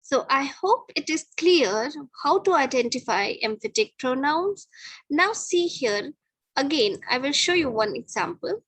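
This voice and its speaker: A woman's voice: sits high, animated, measured pace, fairly bright tone, dry recording, poor audio. A middle-aged woman teaching a grammar lesson to children, patiently repeating each point and checking with "okay".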